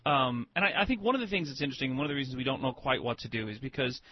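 A man's voice: medium pitch, racing, dull audio. A man hosting a radio talk show, joking with his guest and then asking thoughtful questions. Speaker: radio host.

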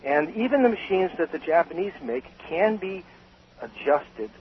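An older man, a guest on a radio talk show, telling stories about bartending with animated emphasis. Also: sits high, normal speed. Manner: animated storyteller, emphatic with laughs. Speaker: guest, cocktail author and former bartender. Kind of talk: radio interview. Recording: slightly dull radio sound with faint hiss.

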